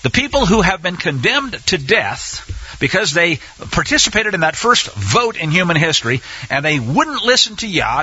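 A man's voice: high-pitched, sing-song, moderate pace, sharp tone, slightly rough. A man teaching a sermon-style Bible lesson. He speaks emphatically, asks rhetorical questions and repeats phrases for effect. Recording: dull, dry lo-fi sound.

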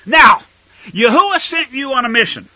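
A man's voice: very high voice, expressive, normal speed, sharp tone, no room sound, pitched above the performer's own voice, full character voice. A man voicing a stern, exasperated old prophet who scolds a king with sarcasm and modern slang, on a dull lo-fi recording. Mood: scolding.

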